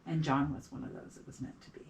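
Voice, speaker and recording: Middle-aged woman telling a story a bit far off. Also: a little hiss or hum. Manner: halting, repeats words, acts out quoted voices. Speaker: beadwork artist. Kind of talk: casual storytelling interview.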